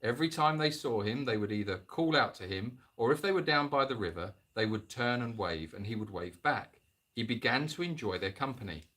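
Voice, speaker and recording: A man's voice: medium pitch, expressive, a little fast, a bit bright, husky. A man hosting a livestream, reading a story aloud and breaking off for sarcastic, jokey comments. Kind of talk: comic story reading with asides.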